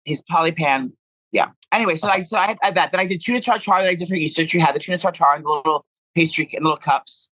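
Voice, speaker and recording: A man co-hosting a podcast, telling rambling stories in a quick, animated rush. His voice sits a little high and the recording is dry and close, with no room sound. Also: no room sound, rough recording. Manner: animated, rambling, crude humor. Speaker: podcast co-host. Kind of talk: casual chat.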